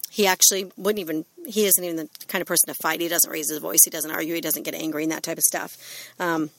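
A woman's voice: medium pitch, a bit bright, dry recording. Earnest middle-aged woman, dry close voice. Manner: earnest, with many fillers and restarts. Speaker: parenting speaker. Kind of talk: instructional parenting talk.

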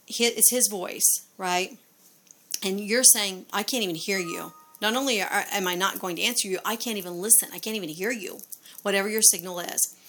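A woman's voice: mid-range voice, bright, forceful tone. A woman giving parenting advice in a casual instructional talk, conversational, with frequent fillers and rhetorical questions.

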